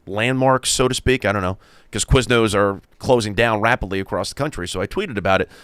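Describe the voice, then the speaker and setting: Man, casual banter, rambling, laughs a lot, low voice, dry close sound. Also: fairly quick, fairly bright tone, clean tone, no room sound. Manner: rambling, laughs often, talks while chewing.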